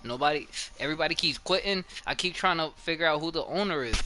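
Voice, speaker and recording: A man's voice: a little high, fast talker, sharp tone, a little hiss or hum. A young man chatting casually while gaming, loose and profane, trash-talking a friend about football. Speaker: gamer streaming.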